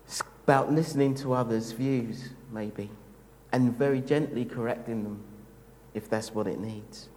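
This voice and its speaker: A man preaching a sermon in a gentle, reflective, unhurried way. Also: medium pitch, fairly even intonation, big-room sound, a little hiss or hum, rough recording.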